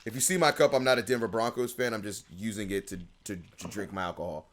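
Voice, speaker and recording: A man producing a podcast, joking around in relaxed banter. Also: on the low side, fast talker. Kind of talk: casual podcast chat.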